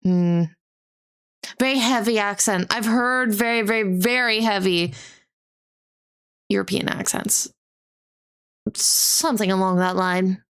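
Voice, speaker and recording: A young woman streamer chatting casually while reacting to a video, giggly and full of quick interjections. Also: mid-range voice, fairly bright tone, clear, resonant tone.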